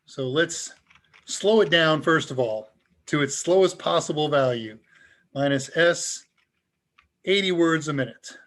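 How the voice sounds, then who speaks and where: A man hosting a live tech Q&A, talking casually and chuckling as he demonstrates software. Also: on the high side, a little slow, long pauses. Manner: casual and upbeat, chuckles often. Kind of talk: live demo talk.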